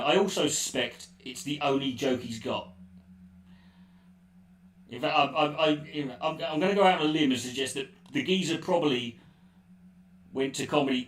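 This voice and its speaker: A man's voice: medium pitch, fairly bright tone. A man ranting sarcastically and swearing freely while answering a live stream chat. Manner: profane, sarcastic, rambling. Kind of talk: casual live-stream rant. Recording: roomy echo, distant mic, faint noise.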